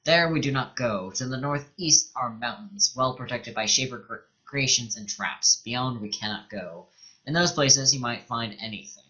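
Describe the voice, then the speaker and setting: A man's voice: mid-range voice, normal speed, sharp tone, lo-fi sound, close to an everyday voice. A man reading the game lines of a proud, watchful male tribal leader in his own plain voice. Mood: guarded.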